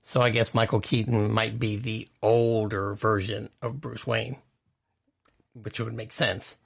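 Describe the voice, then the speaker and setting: A man's voice: lowish voice, level tone, unhurried, vocal fry, slightly rough. A man hosting an entertainment news podcast, chatty and opinionated, reading out quotes and adding his own asides. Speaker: podcast host. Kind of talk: casual entertainment news commentary.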